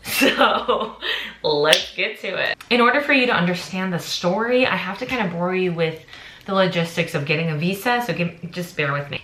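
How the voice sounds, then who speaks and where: A young American woman in her twenties vlogging, telling a story with animated, dramatic energy. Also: medium pitch. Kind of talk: casual storytime vlog. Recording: echoey room.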